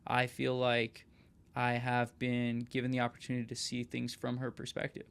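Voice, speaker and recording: An earnest young man hosting a podcast, telling a personal story in a relaxed conversational way. His voice carries a gravelly, fry-laden edge at a medium pitch, and he keeps checking in with "right?". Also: moderate pace. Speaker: podcast host and rapper.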